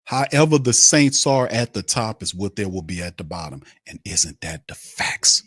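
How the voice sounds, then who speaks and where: A man's voice: fairly low pitch, animated, moderate pace, fairly bright tone, breathy edge, no echo, studio quality. A man hosting a sports podcast, delivering a blunt, heated, profane rant that hammers the same points home.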